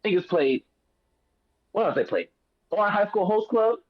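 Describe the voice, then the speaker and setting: A man's voice: high-pitched, animated, normal speed. Hyped slangy man on a dull mic. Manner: slangy, emphatic, hypes things up. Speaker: podcast co-host. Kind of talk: casual chat.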